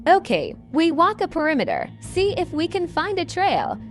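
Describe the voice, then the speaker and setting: A woman voicing a stoic male soldier team leader who gives steady, clipped orders. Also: extremely high pitch, normal speed, soft background music, exaggerated voice.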